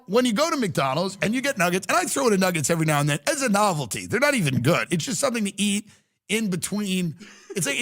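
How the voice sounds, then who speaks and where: A man ranting as a comedian and podcast host, loud and mocking, with exaggerated outrage. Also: high voice. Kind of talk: comedic rant.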